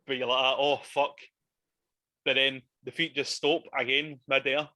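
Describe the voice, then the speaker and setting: A man's voice: mid-range voice, little pitch movement, measured pace, sharp tone, dry recording. A man in casual, sweary chat about a horror film, laughing often.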